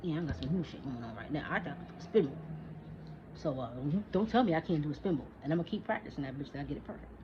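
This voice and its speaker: This rapid-fire, low-voiced woman in her forties lets loose in a profane, heated monologue with lively intonation, firing retorts at a listener she imagines. Faint noise sits in the dull lo-fi recording.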